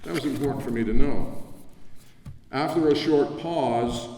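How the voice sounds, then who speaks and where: A man's voice: medium pitch, measured pace, a little hiss or hum. Older man speaking from afar in an echoing hall. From New Jersey. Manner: warm, reminiscing, conversational with asides. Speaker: award recipient giving acceptance speech. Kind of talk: acceptance speech at a convention. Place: large convention hall. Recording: echoey hall from far off.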